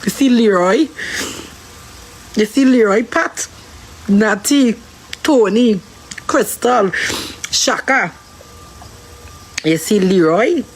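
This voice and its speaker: A woman's voice: mid-range voice, animated, slow pace, long pauses, slight background noise, poor audio. A woman hosting a street interview stream, talking in an impassioned, pleading way that keeps repeating itself. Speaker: stream host.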